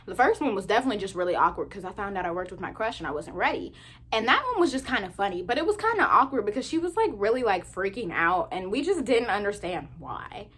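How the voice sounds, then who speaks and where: A young woman in her twenties telling casual storytime anecdotes to her viewers, chatty and animated. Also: mid-range voice, quick pace, breathy edge. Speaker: vlogger.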